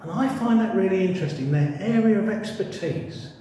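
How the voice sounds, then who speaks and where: A man preaching a sermon in a church, animated and humorous, acting out little voices as he tells the story. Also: high-pitched, brisk, a little hiss or hum. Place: church hall. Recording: distant mic in echoey hall.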